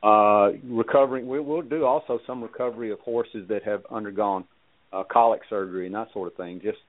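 A low-voiced Southern man, a horse vet, talks through a radio interview in a halting, folksy way. He sounds thin and tinny, as if phoned in, with a dry close sound. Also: steady tone. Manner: halting, folksy, many fillers and restarts. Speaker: equine veterinarian guest.

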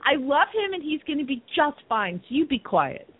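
A woman co-hosting a radio show, telling an emotional story in a lively, laughing way. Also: high-pitched, normal speed. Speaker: radio co-host. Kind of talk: casual radio chat. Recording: tinny phone-like line.

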